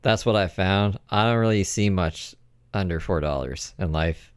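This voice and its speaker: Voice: sits low, moderate pace, smooth, dry recording, studio quality. A commentator making wry, sarcastic asides while reacting to video clips.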